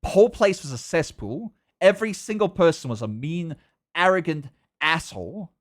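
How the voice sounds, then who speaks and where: A young man with a South African accent talks in a casual, excitable way. His voice sits a little high and swings widely in pitch. He stammers and repeats words as he gets carried along. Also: moderate pace. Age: young adult. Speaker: livestreamer. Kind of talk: casual chat.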